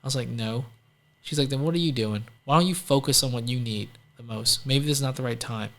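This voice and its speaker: A man's voice: mid-range voice, brisk, a bit bright. Chatty man telling stories, full of "like"s. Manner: chatty, heavy use of "like", acts out quoted people. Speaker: entrepreneur guest. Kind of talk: casual storytelling interview.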